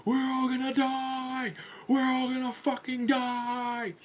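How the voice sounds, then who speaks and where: A man's voice: extremely high pitch, monotone, slow, dull audio, voice pushed up, heavily acted. Wendy the Goon, a man voicing a cursing wendigo woman. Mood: hysterical. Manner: sweary and rude. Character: foul-mouthed female wendigo monster, grumpy.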